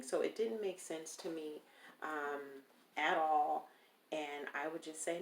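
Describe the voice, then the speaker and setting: A woman telling a personal story in a casual interview, animated and acting out the people she quotes. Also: low-pitched, a little slow, vocal fry, a little hiss or hum. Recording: roomy echo.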